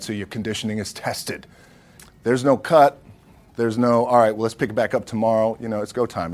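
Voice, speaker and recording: Low-voiced man, loose profane storytelling. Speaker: former wrestler speaking to athletes. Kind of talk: casual storytelling talk.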